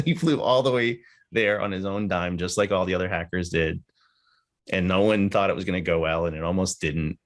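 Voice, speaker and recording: Deep, gravelly man telling a candid story. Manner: candid, conversational, with casual swearing. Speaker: speaker at a memorial gathering. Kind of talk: personal storytelling tribute. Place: live gathering with people present.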